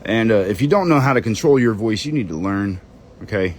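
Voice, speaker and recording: Distracted male host muttering and cursing while he hunts for files, with an animated pitch and faint background noise. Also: a little fast. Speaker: channel host. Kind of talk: rambling screen-share monologue.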